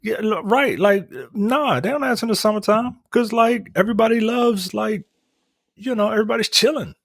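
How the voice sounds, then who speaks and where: A man's voice: high-pitched, normal speed, creaky, no echo, studio quality. A man co-hosting a podcast, chatting casually in laid-back slang and stammering as he gives advice. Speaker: podcast co-host. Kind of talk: casual chat.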